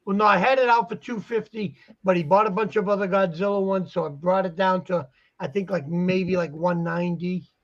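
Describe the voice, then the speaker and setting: Through muffled, lo-fi audio, a guest who deals posters talks casually in a high-pitched, fairly even voice. He speaks briskly with hardly any pauses, rambling and acting out the conversations he quotes.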